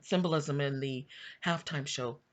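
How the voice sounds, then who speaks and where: A woman's voice: sits low, measured pace. A woman talking casually, telling a rambling family story and then reflecting on faith, with many restarts and bits of laughter. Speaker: online video host.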